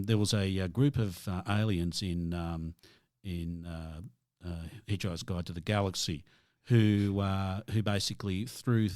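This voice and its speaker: A low-pitched man chats casually, feeding questions and quips to his co-host. His voice is a notch deeper than most men's. The sound is close and dry, with no room. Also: darkish tone, dry recording. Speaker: radio co-host. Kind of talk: casual chat.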